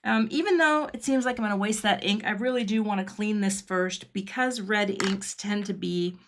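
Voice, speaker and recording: A woman's voice: mid-range voice, normal speed. A middle-aged woman hosting a casual card-making livestream from her home craft studio, thinking aloud as she works and answering viewer comments.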